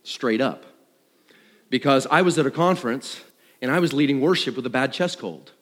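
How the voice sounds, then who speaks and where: A man's voice: mid-range voice, animated, normal speed, in a large hall. A man who leads worship tells a self-mocking story, acting out the voices in it. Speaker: worship leader. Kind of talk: storytelling talk to an audience.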